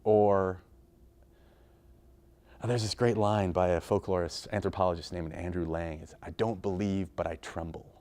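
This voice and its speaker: A man giving thoughtful, measured interview commentary. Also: low voice, steady tone, dark tone. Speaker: folklorist or storyteller.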